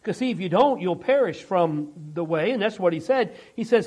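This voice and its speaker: A male pastor preaching with a high, husky voice. He moves between loud, emphatic declarations and hushed, intense stretches. His sermon delivery is dynamic and earnest. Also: animated, normal speed, few pauses, rough recording.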